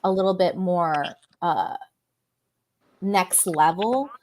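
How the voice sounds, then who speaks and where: A woman guest, a business coach, speaking in casual chat with a measured, encouraging coaching manner. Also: fairly low pitch, a little mellow, slight background noise.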